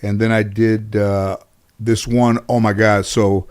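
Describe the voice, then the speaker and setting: Speaking slowly in a smooth, darkish, lowish voice with a level tone, this interview guest spins long, meandering stories. His delivery is casual and loose, with frequent restarts and "you know" fillers, and he voices other people's lines.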